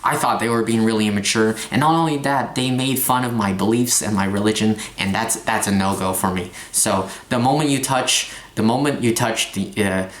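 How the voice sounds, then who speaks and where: A young man in a confessional vlog rant, talking in halting bursts with stumbling restarts and frequent swearing. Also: lowish voice, echoey room. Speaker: vlogger. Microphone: phone.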